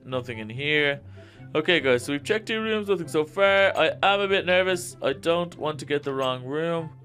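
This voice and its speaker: A man giving let's-play commentary, jittery and excitable, talking straight to his viewers. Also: on the high side, normal speed, faint music behind. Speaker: gaming YouTuber.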